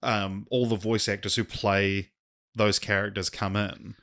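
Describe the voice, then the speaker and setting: Low-voiced, bright man telling a rambling story. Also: flat delivery, unhurried. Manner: rambling storyteller with many restarts. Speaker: podcast co-host. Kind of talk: casual chat.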